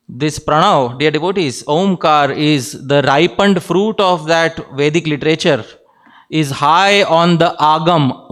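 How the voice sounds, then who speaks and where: A man teaching a devotional class, keeping the room involved with questions and a repeated affectionate address. His voice sits on the higher side for a man. He breaks into light laughs between his points. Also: a bit bright, clear, resonant tone. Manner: engages audience with questions, repeats "dear devotees". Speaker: speaker giving a scripture class.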